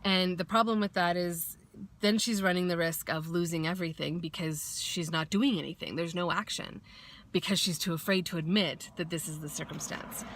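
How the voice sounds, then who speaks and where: A woman's voice: fairly low pitch, steady tone, normal speed, a bit bright, slight background noise. Woman vlogger, casual pep talk, blunt and sweary, acts out quotes.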